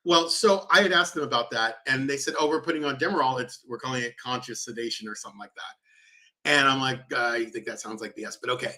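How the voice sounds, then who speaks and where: A man's voice: medium pitch, quick pace, pushed and bright. A man co-hosting a casual talk show, telling stories animatedly with lots of laughter. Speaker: co-host. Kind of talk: casual chat.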